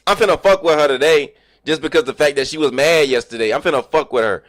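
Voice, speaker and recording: A man livestreaming, telling animated, profane stories about work and acting out what people said. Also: fairly high pitch, quick pace, no room sound, studio quality. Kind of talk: casual storytelling chat.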